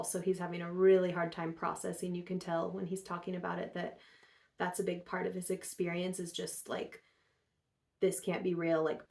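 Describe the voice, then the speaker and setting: A woman's voice: on the low side, vocal fry. A woman hosting her own show, casually retelling a story in a chatty way with many fillers. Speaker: host.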